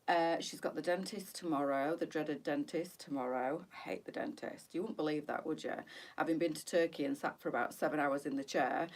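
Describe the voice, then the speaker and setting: A woman's voice: fairly low pitch, distant mic. A British woman hosting a boutique live stream, chatting casually and wandering off on tangents.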